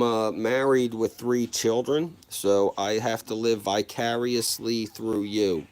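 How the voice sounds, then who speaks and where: A man's voice: mid-range voice, steady tone, unhurried, a little hiss or hum. A man in his thirties hosting a casual livestream, telling a story in a rambling way with many restarts and frequent swearing. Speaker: livestream host.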